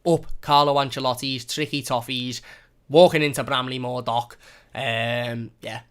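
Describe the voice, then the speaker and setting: A man's voice: medium pitch, fairly even intonation, measured pace, fairly bright tone, smooth. A young man hosting a football fan live stream, reading out viewer comments and thanking them in a chatty, repetitive way. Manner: chatty, thankful, repeats phrases. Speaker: fan channel host.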